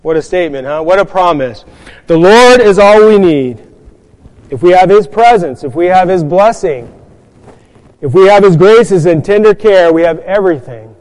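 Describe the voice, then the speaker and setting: Man, sermon, high-pitched, earnest, emphatic, rhetorical questions, reverberant church. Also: animated, moderate pace, a little mellow. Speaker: preacher.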